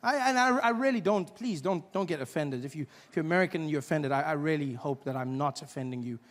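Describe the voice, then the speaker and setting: A man performing stand-up comedy who tells stories with animated energy and acts out characters. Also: fairly high pitch, fast talker, big-room sound. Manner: animated storytelling, acts out characters, often shouting.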